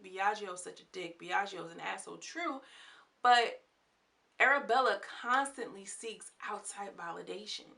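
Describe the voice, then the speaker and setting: A woman giving a lively, chatty recap of a TV episode, full of exclamations and slang. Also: mid-range voice. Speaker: TV show reviewer. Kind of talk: casual recap and commentary.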